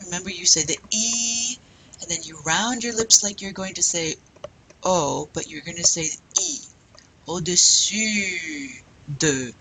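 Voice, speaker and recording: A woman teaching a French class, slowly modelling phrases and pronunciation for students to repeat. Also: fairly low pitch, sharp tone, a little hiss or hum, low-quality recording. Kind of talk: classroom language lesson.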